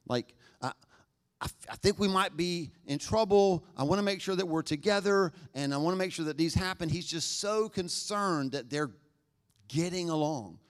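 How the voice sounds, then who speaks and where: A man's voice: high voice, normal speed. Casual, joking man preaching a sermon. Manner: conversational, joking, animated acted-out quotes. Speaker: pastor.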